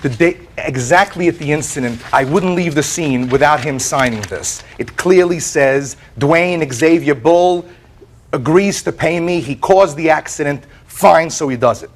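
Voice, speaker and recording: American man, plaintiff testifying, lively storyteller, slightly higher voice. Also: normal speed, few pauses, slight background noise. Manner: animated storytelling with repeated words and quoted voices. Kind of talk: courtroom testimony.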